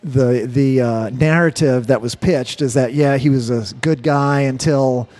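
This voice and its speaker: A man's voice: medium pitch, a little slow, a little mellow. A man co-hosting a casual talk show, rambling and profane, often repeating words while he searches for them. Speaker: podcast co-host. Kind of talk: casual chat.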